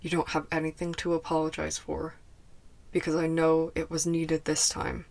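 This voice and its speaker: A woman doing a weary but caring grown man teacher, storybook reading. the voice sits low for her, and she keeps it calm, slow and gentle, letting each word land softly. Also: vocal fry. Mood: tender. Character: tired, caring male teacher, adult. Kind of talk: fan fiction audiobook reading.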